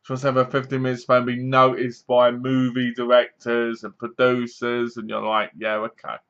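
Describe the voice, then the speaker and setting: A man's voice: medium pitch, completely flat delivery, moderate pace, fairly bright tone, clean tone. A man giving a casual, rambling spoken review of a horror film, with frequent restarts and asides. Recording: dull lo-fi home recording.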